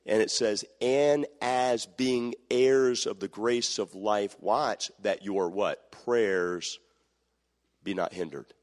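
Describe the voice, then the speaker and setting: A man's voice: fairly low pitch, takes it slowly. Preacher man in a reverberant hall. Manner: calls for answers from the congregation, acts out quoted voices. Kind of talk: sermon.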